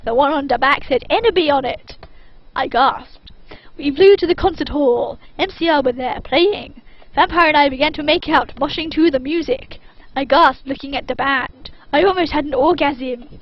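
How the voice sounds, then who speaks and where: High-voiced woman reading fan fiction aloud. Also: normal speed, highs cut off. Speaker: reader.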